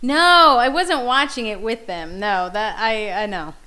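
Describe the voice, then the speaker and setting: A woman's voice: on the high side, a little slow, pushed and bright, low-quality recording. A middle-aged woman co-hosting a podcast, telling family stories in casual chat and laughing often. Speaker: podcast co-host.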